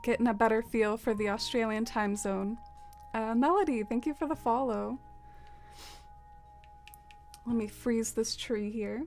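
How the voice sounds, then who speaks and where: With faint music in the background, a woman chats with viewers during a casual game livestream, heavy on fillers and laughs. Her voice runs on the high side and a little mellow, with fairly even intonation, a measured pace and frequent pauses.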